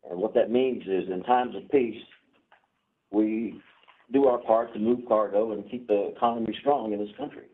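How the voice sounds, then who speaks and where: A man speaking as a commissioner at a public meeting, earnest and halting, often repeating words. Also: fairly low pitch, fairly even intonation. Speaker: port commissioner. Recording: tinny phone-like broadcast audio.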